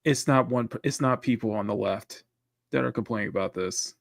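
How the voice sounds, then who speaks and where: A man hosting a casual live-stream chat, talking in a halting way with frequent restarts as he gathers his thoughts. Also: mid-range voice, gravelly, dry recording, studio quality. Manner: halting, restarts often, stalls while collecting his thoughts. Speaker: livestream host.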